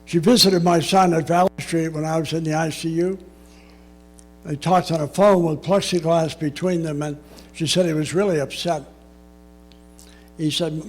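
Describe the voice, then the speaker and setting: An older man speaks in a measured, reflective way, slipping in the occasional dry aside. His voice sits a little higher than most men's, with faint music underneath. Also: steady tone. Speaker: public speaker. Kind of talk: personal storytelling talk.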